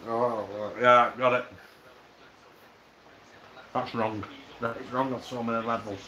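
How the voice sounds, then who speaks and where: Sweary Oldham bloke joking around. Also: male voice, mid-range voice, fairly even intonation, slow pace, sharp tone. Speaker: livestream host. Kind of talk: casual banter. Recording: roomy echo with background noise.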